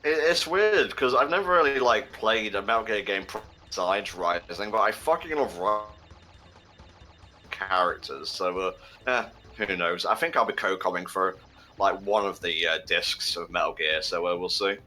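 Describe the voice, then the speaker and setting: A man's voice: low voice, normal speed, sharp tone, a little hiss or hum. A man on a charity game stream, reading out donations and chatting casually, swearing now and then. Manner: swears freely, reads out donations, laughs often. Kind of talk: casual live-stream chat.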